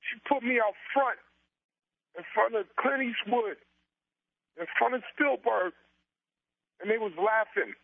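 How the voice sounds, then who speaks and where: Brief: man in his 40s, interview guest, high voice, fervent repetitive build-ups, tinny dry line. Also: unhurried, gravelly, pauses often, no room sound. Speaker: interview guest, comedian and author. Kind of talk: emotional interview talk.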